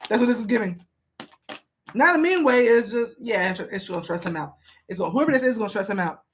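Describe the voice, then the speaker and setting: A woman's voice: a little high, lively intonation, brisk, a bit bright, slight background noise. A woman reading tarot cards for a viewer in a casual, chatty way, asking the cards questions aloud and speaking with emphasis. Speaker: tarot reader.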